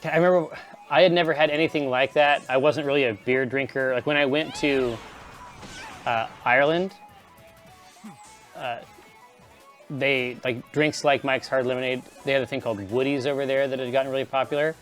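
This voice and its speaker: A man's voice: mid-range voice, fairly even intonation, moderate pace, long pauses, fairly bright tone. A man chatting casually while streaming a game, telling rambling stories and laughing often. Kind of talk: casual chat over gameplay. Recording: faint game music behind.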